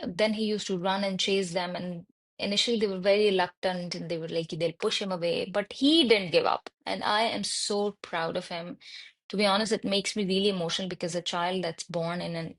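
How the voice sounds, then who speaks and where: Reflective woman guest, lowish voice. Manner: unhurried, reflective, voices her son's lines higher. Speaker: podcast guest, mother of autistic twins. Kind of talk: candid personal storytelling.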